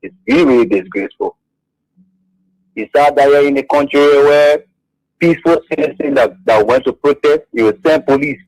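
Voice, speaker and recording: A man calls in to a radio program with a high, dry voice. He sounds indignant, stacking rhetorical questions and repeating his points for emphasis. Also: normal speed, a little mellow, no echo, rough recording. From Liberia. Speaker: radio caller. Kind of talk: phoned-in political complaint.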